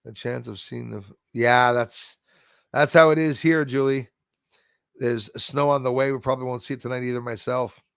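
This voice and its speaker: A man with a gravelly, creaky voice chats loosely on a live stream, greeting viewers one by one and reading their comments aloud. He is recorded close and dry, with no room sound around him. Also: mid-range voice, fairly even intonation, moderate pace, a bit bright, no room sound. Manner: rambling, greets viewers and reads chat aloud. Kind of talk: casual live stream chat.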